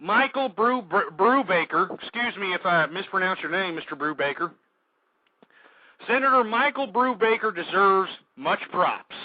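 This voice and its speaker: A man hosting a talk radio show, ranting and agitated and shouting at times. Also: sits high, expressive, normal speed, dry recording. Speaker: radio host. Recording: dull lo-fi dry radio recording.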